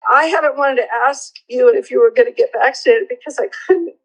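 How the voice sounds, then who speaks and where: An older woman talking earnestly in a therapy session, halting and close to tears. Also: high-pitched, faint music behind, rough recording. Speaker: mother of the host. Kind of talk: emotional conversation in therapy.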